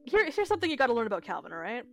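High-voiced young woman, animated swearing storyteller. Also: very fast, faint music behind. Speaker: podcast co-host. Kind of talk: casual storytelling chat.

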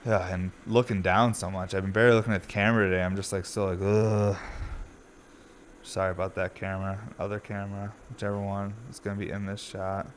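A man in his thirties, tired and a bit raspy, rambling casually and swearing freely as he hosts a podcast from his glass studio. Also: low-pitched, little pitch movement, fast talker, hardly any pauses, slight background noise. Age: 30s. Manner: rambling, profane, laid-back.

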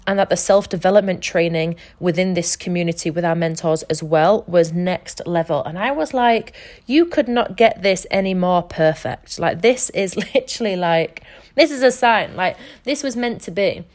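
A young woman who hosts her own podcast and works as a life coach gives a casual motivational monologue about changing her life. Her voice is fairly low and darkish at a normal speed, and she speaks earnestly and emphatically, swearing freely.

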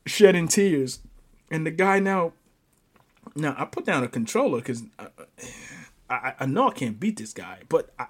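A man hosting a podcast, telling a personal story in casual chat, animated, often stammering and breaking into laughter. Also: fairly high pitch. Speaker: podcast host.

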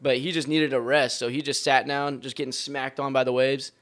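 Man, laid-back, slangy, mid-pitched voice, casual podcast chat. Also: little pitch movement, a little fast, a bit bright. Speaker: jet ski tour guide.

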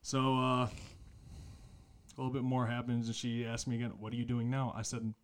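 A man's voice: mid-range voice, little pitch movement, moderate pace, clean tone. A tired young man co-hosting a podcast, telling a crude story in casual chat and laughing often. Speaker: podcast co-host.

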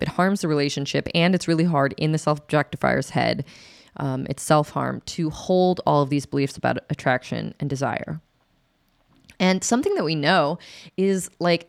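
A woman's voice: deep voice, creaky, no room sound, clean studio sound. A woman explaining sex and attraction in a candid, chatty way as an educator, acting out quotes with laughs. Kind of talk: casual educational talk to camera.

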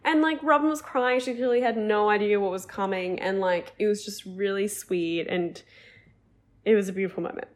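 A young woman co-hosting a podcast, retelling events in an animated, casual way with many fillers. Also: medium pitch, moderate pace. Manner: animated storytelling, heavy use of "like". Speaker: podcast co-host. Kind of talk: casual chat.

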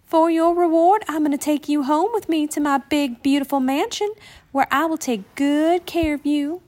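Woman doing a shrill, cooing rich lady. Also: moderate pace, a little mellow, lightly acted. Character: fancy rich lady, gushing and dramatic.

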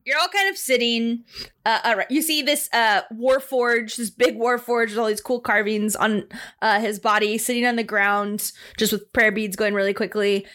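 A woman's voice: on the high side, fairly even intonation, normal speed, a bit bright. A woman narrating a tabletop game as game master, chatty and full of fillers.

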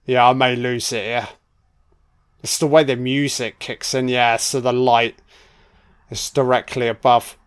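A British man giving a loud, swearing running commentary on a film, reacting bluntly to each scene as it plays. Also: medium pitch, little pitch movement, unhurried, long pauses, clean tone.

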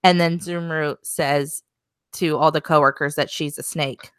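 A woman's voice: low voice, steady tone, unhurried, clear, resonant tone, no echo. A young woman co-hosting a podcast, recapping a show in an easygoing, chatty way. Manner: easygoing, chatty narration with quoted lines. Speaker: podcast co-host. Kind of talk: casual recap chat.

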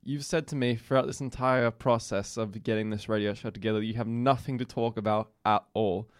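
A man's voice: on the low side, fairly even intonation, brisk. A young man, hosting a casual chat show and telling a long story in a rambling way, often laughing and trailing off. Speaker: podcast host.

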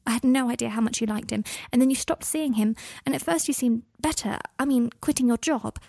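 A woman's voice: brisk, creaky, dark tone, no room sound. A woman voicing an anxious, earnest young woman who talks in a raised, pleading tone, read dry and close. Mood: apologetic. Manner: apologetic, pleading, raised pitch.

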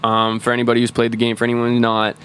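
A man's voice: medium pitch, completely flat delivery, rapid-fire, a bit bright, smooth. Profane, rambling man explaining game lore. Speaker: podcast co-host. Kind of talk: casual chat.

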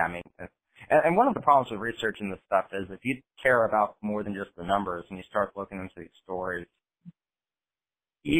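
A man's voice: on the low side, poor audio. Blunt American man chatting on a podcast. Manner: blunt, animated, swears freely. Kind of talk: casual podcast conversation.

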